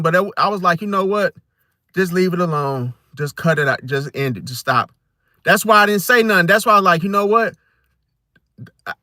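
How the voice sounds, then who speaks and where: A young man, ranting casually as an astrology content creator, animated and full of street slang. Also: high voice, no echo, clean studio sound.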